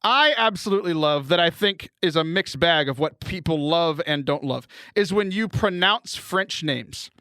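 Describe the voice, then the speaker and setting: A man hosting a podcast in casual chat, joking and self-deprecating, with quick laughs, while getting over bronchitis. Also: fairly high pitch, expressive, pushed and bright, smooth, dry recording, studio quality. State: has bronchitis. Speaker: podcast host.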